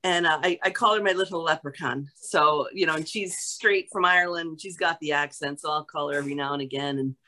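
A woman from New York, an actress, chatting as a guest and telling stories in a lively way. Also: sits low, fairly quick, hardly any pauses, slight background noise, poor audio. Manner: chatty, animated storyteller. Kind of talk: casual chat.

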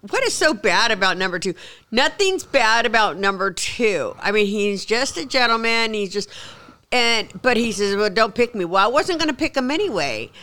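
A woman's voice: on the high side, sing-song, normal speed, sharp tone. A middle-aged woman bluntly rambling through her picks on a comedy dating show, laughing often. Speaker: contestant mom on a prank dating show. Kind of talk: casual banter.

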